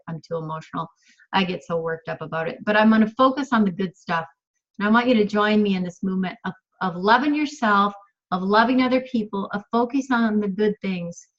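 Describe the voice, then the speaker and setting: A woman's voice: medium pitch, fairly bright tone, highs cut off. A woman in her fifties giving an emphatic motivational coaching talk on a video call, repeating phrases and laughing often. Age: 50s.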